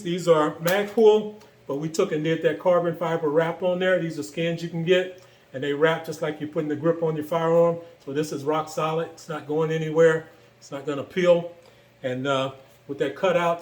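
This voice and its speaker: A man casually walking through the parts of his build, relaxed and enthusiastic, with frequent fillers. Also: on the high side, roomy sound. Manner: relaxed, filler-heavy, enthusiastic about gear. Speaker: gun build reviewer. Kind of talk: casual show-and-tell walkthrough.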